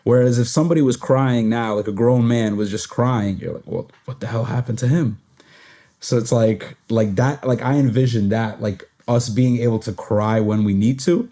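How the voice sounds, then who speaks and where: A man's voice: medium pitch, moderate pace, hardly any pauses, dark tone. A man hosting a podcast, talking casually and at length, full of "like" fillers and laughing at himself now and then. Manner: rambling, heavy use of "like" fillers, laughs at himself. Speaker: podcast host. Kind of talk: casual conversation.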